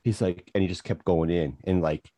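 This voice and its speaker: A man's voice: low voice, steady tone, normal speed, dark tone, dry recording. A man co-hosting a podcast, ranting with profanity and exasperation in casual chat. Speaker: podcast co-host.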